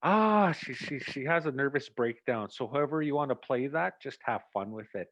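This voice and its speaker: A man directing a community play, giving rehearsal notes in an animated way and acting out lines. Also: medium pitch, fairly quick. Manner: animated, acts out lines, chuckles often. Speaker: theatre director. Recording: dull, dry lo-fi sound.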